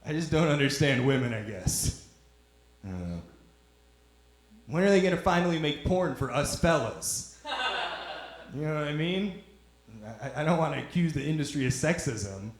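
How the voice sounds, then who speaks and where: A man's voice: a little high, animated, normal speed, pauses often. A young man doing a rambling stand-up set, teasing the audience in a loose, drawling way on a club stage. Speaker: stand-up comedian. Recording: echoey club room.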